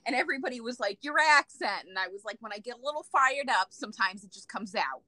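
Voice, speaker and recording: Bright blunt woman with a Boston accent. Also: mid-range voice, quick pace, no echo, poor audio. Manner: blunt, profane and joking. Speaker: livestream host. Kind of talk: casual livestream chat.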